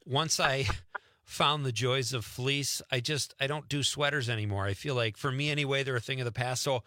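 A man's voice: medium pitch, bright, forceful tone. A man hosting a radio show, chatting casually and cheerfully with a guest. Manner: upbeat, chatty, quick to laugh. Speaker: radio host.

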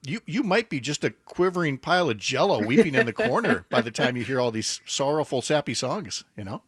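A man's voice: mid-range voice, very animated, brisk, husky, no room sound, studio quality. A male morning radio host chatting casually and rambling a little. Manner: chatty, rambling, self-deprecating. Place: radio studio. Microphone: studio microphone.

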